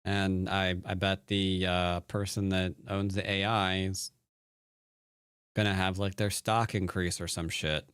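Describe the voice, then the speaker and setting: A somewhat low-pitched man talking casually into a close mic, his voice dry with no room around it. He commentates a game of Go and banters with viewers, playful and jokey, tumbling over restarts. A tired edge runs through it. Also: level tone, unhurried, a bit bright, clean tone, no room sound. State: tired from little sleep. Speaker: Go player and teacher streaming a game. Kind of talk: casual live-stream commentary answering chat.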